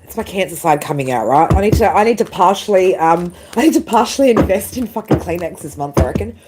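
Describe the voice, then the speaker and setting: Tearful woman reader, lowish voice. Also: lively intonation, fast talker, noisy background. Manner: emotional, swearing, keeps adding "right?" and "man". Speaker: tarot reader. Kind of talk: live-stream chat.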